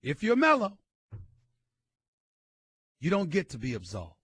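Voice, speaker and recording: Brief: male sports radio host, bright husky high voice, loud emphatic rants. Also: huge pitch swings, unhurried, dry recording. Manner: loud, emphatic ranting with bursts of shouting. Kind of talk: opinionated sports radio talk. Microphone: studio radio mic.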